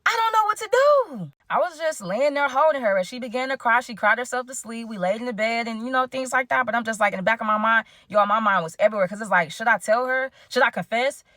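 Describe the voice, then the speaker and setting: Fast-talking woman telling a story. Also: a little high, no echo, clean studio sound. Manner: animated, addresses listeners as "y'all", acts out quoted dialogue. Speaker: caller telling her story. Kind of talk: casual storytelling.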